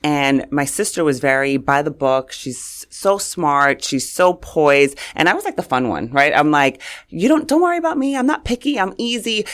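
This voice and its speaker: A middle-aged woman from New York, a communications coach, chatting as a guest and telling stories animatedly. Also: low-pitched. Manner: animated storyteller, acts out quotes. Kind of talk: casual interview chat.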